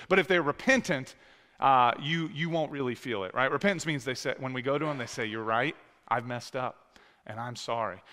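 A male pastor in his thirties, with a bright, forceful voice on the high side, delivers a conversational sermon with many fillers and restarts. The church sanctuary's long reverb makes the recording echo like a hall.

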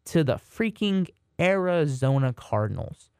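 A young man co-hosting a casual sports podcast, joking and rambling with quick restarts. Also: medium pitch, darkish tone, no room sound, clean studio sound. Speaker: podcast co-host.

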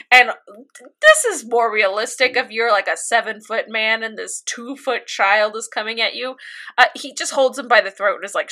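A young woman casually recapping an anime episode, animated, acting out quotes between laughs. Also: a little high. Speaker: podcast co-host recapping an anime. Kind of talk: casual chat.

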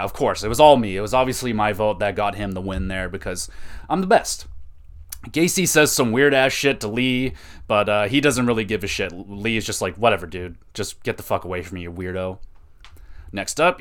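A young man talks through wrestling matches in a loose, excitable way, cursing often and gushing over what he likes. His voice comes through smooth and clear, at a middling pitch. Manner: excitable, profane, enthusiastic. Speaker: podcast host reviewing wrestling. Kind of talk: casual review chat.

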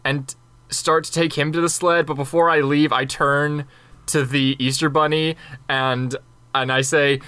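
Bright-voiced man playing an improv scene. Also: mid-range voice, steady tone, measured pace. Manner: narrates his own moves, laughs along. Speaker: podcast co-host and improv player. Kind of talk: improvised comedy play.

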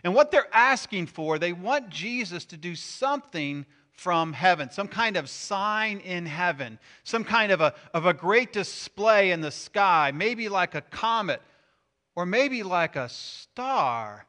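A middle-aged man preaching a sermon as pastor, animated, swinging from loud emphasis to hushed asides. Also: high voice, unhurried.

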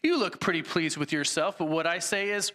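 An aggrieved, blustering male ghost who keeps insisting on his own rights in coarse, broken grammar, as a man reading in a sermon puts him on. The voice sits high and comes across bright and forceful. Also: brisk. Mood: indignant.

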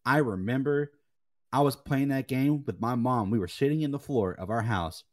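A young man co-hosting a casual gaming chat, telling animated stories and swearing freely. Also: mid-range voice, normal speed. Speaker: podcast co-host.

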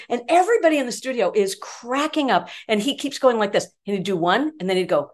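A woman in her sixties, a veteran reporter, telling an animated story as a podcast guest and filling her talk with "like" and "you know". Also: fairly high pitch, brisk, few pauses. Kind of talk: casual storytelling chat.

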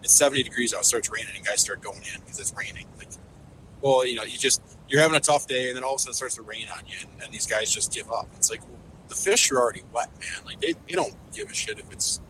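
A man's voice: mid-range voice, fast talker, sharp tone, slight background noise, low-quality recording. A man, a fishing guide, talking in a casual podcast interview, enthusiastic and rambling with lots of fillers and restarts.

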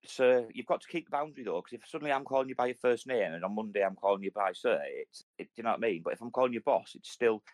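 Middle-aged male, ex-army, rambling and sweary, mid pitch, dry close sound. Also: animated, racing, few pauses, dry recording. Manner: rambling, repeats and restarts, sweary. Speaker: podcast co-host, ex-soldier. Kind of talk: casual banter.

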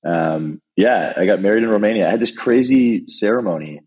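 Husky low-voiced man telling stories. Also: expressive, brisk, a little mellow, low-quality recording. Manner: rambling, laid-back storyteller with many "like"s. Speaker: podcast guest. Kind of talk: casual storytelling.

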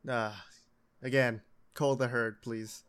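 A laid-back man chatting casually and tossing in wry, blunt reactions. His voice is smooth and resonant, at a medium pitch. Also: level tone, slow pace, fairly bright tone. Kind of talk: casual chat.

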